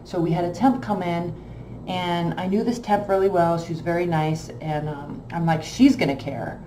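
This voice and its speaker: A woman casually telling a long personal story, emotional and animated, with many fillers. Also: fairly low pitch, normal speed, roomy sound, slight background noise. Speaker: tarot channel host.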